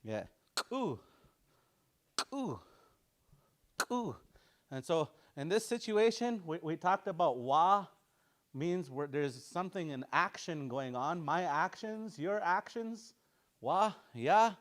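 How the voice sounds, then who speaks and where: Guy teaching a language class, kinda high voice, says sounds over and over, chuckles a lot. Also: expressive, fairly bright tone. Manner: explains slowly, repeats sounds aloud for practice, chuckles often.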